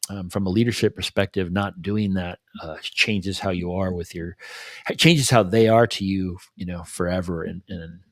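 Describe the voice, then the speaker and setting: A man's voice: low voice, steady tone, moderate pace, no echo, clean studio sound. A man co-hosting a podcast, talking in a reflective, casual way and often checking in with "you know" and "right?". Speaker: podcast co-host. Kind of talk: casual conversational podcast talk.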